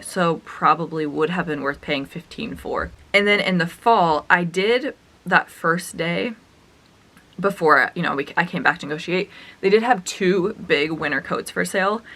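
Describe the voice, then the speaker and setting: A young woman telling a storytime vlog as a reseller, chatty and animated, acting out the dialogue as she retells it. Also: on the low side. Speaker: reseller vlogger.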